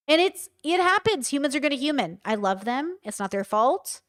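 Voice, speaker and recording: A woman's voice: high voice, sing-song, moderate pace, few pauses, a bit bright. A woman streaming casual live commentary, talking bluntly and with emphasis straight to her chat. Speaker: streamer reacting to a show.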